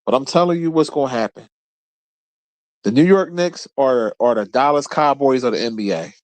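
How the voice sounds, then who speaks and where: A man from the Philadelphia area hosts his own show and goes on a casual basketball rant, blunt, profane, and full of trash talk. His medium-pitched voice is animated and moves at normal speed, with no echo.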